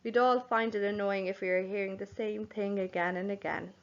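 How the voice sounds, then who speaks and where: A young woman teaching young children, speaking slowly and clearly, spelling words out letter by letter and calling them boys and girls. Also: mid-range voice, fairly even intonation, highs cut off. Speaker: primary school teacher. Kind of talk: home learning lesson for young children.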